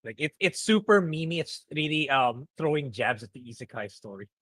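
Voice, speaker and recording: Guy on a podcast, bright sharp voice, laughs a lot, stumbles on words, dry mic. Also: fairly high pitch, animated, brisk, no echo. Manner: laughs often, repeats words. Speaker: podcast co-host. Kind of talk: casual chat.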